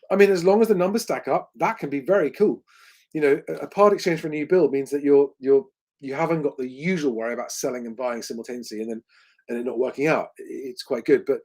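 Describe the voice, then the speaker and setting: A man's voice: medium pitch, darkish tone, slightly rough. A man hosting a livestream Q&A, talking conversationally with lots of ums and restarts. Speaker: host.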